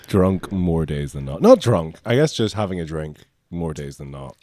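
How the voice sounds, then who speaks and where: Northern Irish man, low voice, dark tone, dry self-mocking commentary. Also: big pitch swings, moderate pace, no echo. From Northern Ireland. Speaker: co-host, comedy writer. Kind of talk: commentary on their own sketches.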